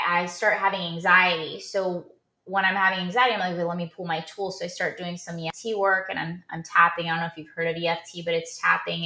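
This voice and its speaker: A woman's voice: on the low side, sharp tone, reverberant. A woman performance coach giving an earnest motivational talk, telling a personal story with many restarts and fillers.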